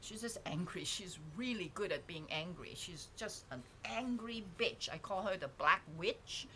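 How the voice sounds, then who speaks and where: A woman vlogger, unhurried and expressive, speaks in a lowish voice that sounds pushed and bright, with slight background noise. Filmed at home with a painting behind her, she reflects candidly into a dedicated mic, wandering off and restarting many times.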